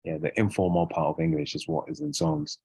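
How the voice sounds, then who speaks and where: Low husky man, casual rambling talk. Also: a little fast. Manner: relaxed, rambling, many fillers and restarts. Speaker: guest English speaker. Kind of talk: casual conversational interview.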